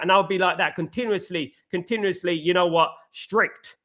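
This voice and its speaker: A man's voice: high voice, normal speed, hardly any pauses, pushed and bright. A man hosting a casual live football talk stream, ranting emphatically and repeating his points. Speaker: host.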